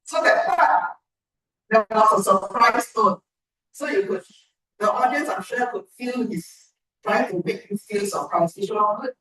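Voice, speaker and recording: A woman giving a measured, encouraging speech evaluation at a club meeting. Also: a little high, fairly bright tone. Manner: measured, encouraging feedback with pauses. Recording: echoey room from far off.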